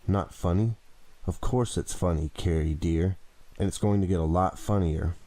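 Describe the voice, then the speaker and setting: A man's voice: deep voice, moderate pace, mellow. A man reading an audiobook, voicing an unhinged, vicious teenage girl in a taunting, cold manner. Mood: gleeful.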